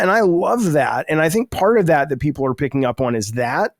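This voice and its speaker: Middle-aged man, casual podcast guest, a touch higher voice, self-deprecating, chatty, dry close mic. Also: animated, a little fast, no room sound. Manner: talkative, self-deprecating, prone to interrupting. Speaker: guest, game designer.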